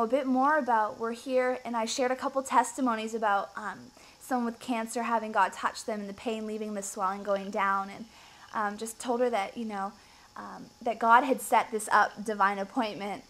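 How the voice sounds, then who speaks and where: A woman recounts a story in casual conversation, and her voice leaps upward at the exciting parts. Her voice sits a little on the high side. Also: rough recording. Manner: animated, rising in pitch when excited. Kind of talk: casual testimony.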